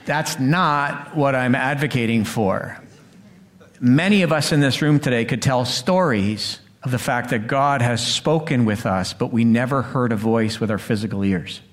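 A middle-aged man preaching a sermon in a church, acting out the quoted voices and swinging between loud lines and hushed ones. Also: mid-range voice, measured pace. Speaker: pastor. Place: church sanctuary.

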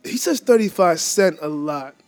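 A man's voice: sits high, moderate pace. Laughing older man telling stories. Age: 60s. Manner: laughs often while telling anecdotes, relaxed drawl. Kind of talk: casual storytelling chat. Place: lives in a Boston neighborhood.

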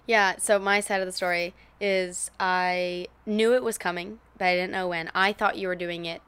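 A woman's voice: on the low side, steady tone, moderate pace, a bit bright, smooth. A young woman co-hosting a podcast, reminiscing with her partner, laughing often and swearing casually. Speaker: podcast co-host.

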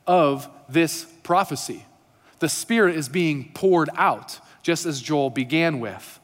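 A man delivers a sermon in an easy, conversational tone with flashes of humor, then moves into reading scripture aloud. His voice sits a little high for a man. A long reverb carries it through a church hall. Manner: casual, conversational preaching with humor. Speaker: pastor.

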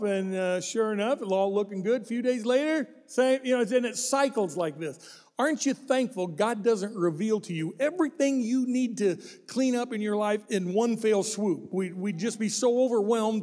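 A man's voice: high voice, a little mellow, long reverb tail. A middle-aged male pastor preaching a sermon with a folksy, joking manner and asides to the congregation.

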